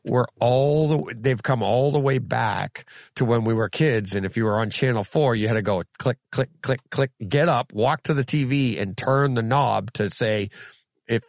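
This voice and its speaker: Gravelly, animated home theater podcast host. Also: male voice, medium pitch, moderate pace, no echo. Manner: animated storyteller, lively when telling anecdotes. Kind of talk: casual chat.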